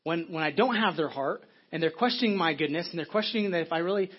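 A man's voice: on the high side, quick pace, husky, muffled recording. A middle-aged man, a pastor, preaching an earnest, conversational sermon with frequent restarts.

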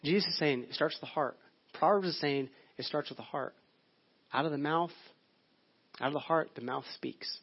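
A man's voice: on the high side, normal speed, pauses often, husky. A male pastor giving a sermon in a conversational, storytelling way. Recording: dull lo-fi audio.

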